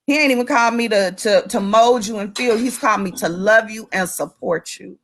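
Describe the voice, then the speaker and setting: A woman's voice: mid-range voice, a little fast. A woman guest on a faith-based talk show, speaking earnestly and with emphasis about her experience as a mother.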